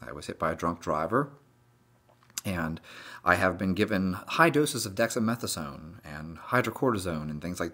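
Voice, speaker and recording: A man, a fitness coach, explaining a topic in a blunt, profane, animated casual monologue. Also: sits low.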